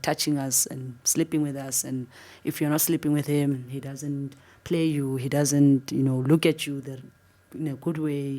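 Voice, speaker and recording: A South African woman, a former football captain, earnestly telling her story in an interview. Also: low-pitched. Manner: earnest, animated retelling, voice jumping up for disbelief.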